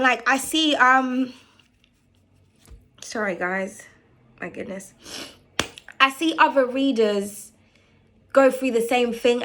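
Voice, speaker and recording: A young woman with a British accent vents straight to her viewers in a blunt, casual monologue, swearing freely and peppering every point with "like" and "you know". Her voice sits a little high and comes across bright and sharp. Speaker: tarot reader and channel host. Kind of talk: casual ranting monologue to camera.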